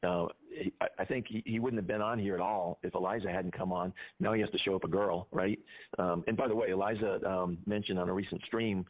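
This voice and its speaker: A man with a very deep voice rambles sarcastically through casual radio chat at a fast pace. His voice comes through a tinny, phone-like line. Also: fairly even intonation. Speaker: radio show co-host.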